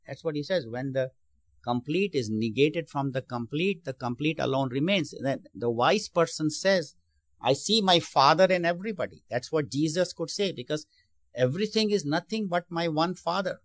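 A man's voice: on the high side, dry recording. Man giving a dry-voiced sermon. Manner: explanatory, asks the audience questions; repeats and restarts phrases. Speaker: spiritual teacher.

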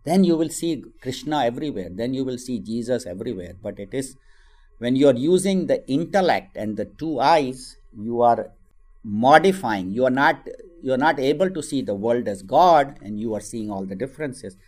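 A man's voice: mid-range voice, normal speed. A man, giving a spiritual teaching on scripture and acting out a story as he tells it. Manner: animated storytelling, acts out voices in quotes.

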